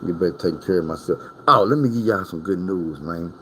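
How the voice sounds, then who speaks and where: A man's voice: sits low, brisk, a bit bright, slight background noise. A man from Arkansas, telling prison stories in a casual storytime monologue. His talk is profane and rambling, full of asides to the listener.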